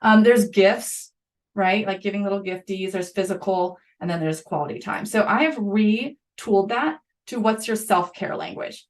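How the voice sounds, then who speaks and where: Speaking at a medium pitch, a middle-aged female school psychologist gives a podcast interview. Her manner is lively and chatty, with quick asides along the way.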